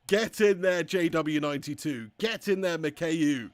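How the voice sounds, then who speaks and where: Young man, gaming streamer, high voice, loud and excitable, swears a lot. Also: normal speed, few pauses. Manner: excitable, shouting and laughing, swears freely. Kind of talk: live-stream commentary and chat reading.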